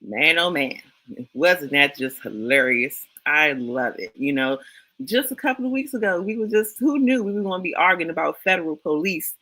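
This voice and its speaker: A man's voice: on the high side, animated, moderate pace, sharp tone, no echo, rough recording. A man from Washington, D.C., with a local accent, co-hosting a casual livestream talk show and greeting viewers in the chat with slang.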